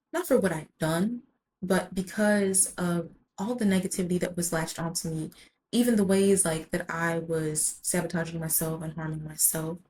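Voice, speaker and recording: A woman's voice: fairly low pitch, a little mellow, slight background noise, rough recording. A woman vlogger telling a personal story in a rambling way, full of "like" and casual swearing.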